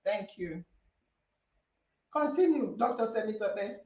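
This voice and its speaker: A woman's voice: medium pitch, animated, takes it slowly, a little mellow. A woman hosting a podcast debate, arguing emphatically and repeating phrases for stress, recorded in an echoey room on a distant mic. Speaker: podcast host. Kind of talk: heated debate moderation.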